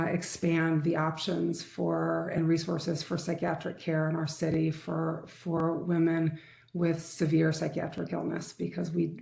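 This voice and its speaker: A woman clinician giving an earnest, halting introduction at a task force meeting. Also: deep voice, vocal fry, warm tone. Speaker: perinatal mental health clinician. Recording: echoey meeting room.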